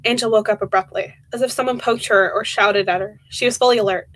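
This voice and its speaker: A young woman reading a horror book aloud on a live stream, softly and with feeling, often stumbling and restarting words. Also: mid-range voice, fairly even intonation, quick pace, poor audio. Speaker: reader of horror books.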